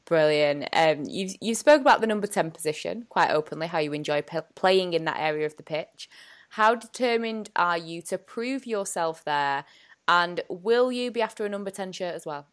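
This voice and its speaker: A woman's voice: fairly low pitch, lively intonation, normal speed. A woman hosting a podcast interview, asking questions casually and encouraging her guest. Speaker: podcast host.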